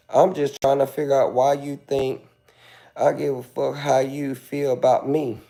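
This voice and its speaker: A man's voice: mid-range voice, little pitch movement, a little slow, creaky, dark tone. A man hosting a live stream, sassily and theatrically roasting a commenter in mock-pleading asides. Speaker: livestreamer.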